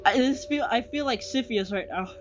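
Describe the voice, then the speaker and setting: A woman's voice: a little high, moderate pace, slight background noise. A young woman playing a video game, frustrated, swearing and laughing at her own failures. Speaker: gamer. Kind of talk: casual gameplay commentary. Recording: dull lo-fi mic with game music. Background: game music.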